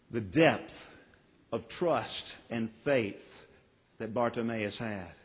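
Earnest preacher man in a reverberant hall. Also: on the high side. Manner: earnest, with dramatic pauses and voiced quotes. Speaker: pastor. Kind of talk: sermon.

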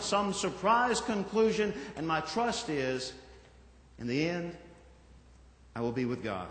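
A male pastor giving a sermon in a church, reflective and gently conversational, with small asides to the congregation. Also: fairly high pitch. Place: church sanctuary. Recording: echoey hall from far off.

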